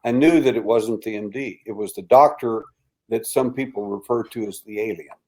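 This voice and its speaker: With a voice on the low side and a moderate pace, an older male interview guest tells a story animatedly, acting out quoted voices and lowering to a hushed tone.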